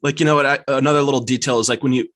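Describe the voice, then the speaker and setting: A man's voice: medium pitch, fairly even intonation, racing, fairly bright tone, a little hiss or hum. A man guest on a podcast, rambling casually about a movie, filling nearly every phrase with "like" and laughing easily. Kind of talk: casual chat.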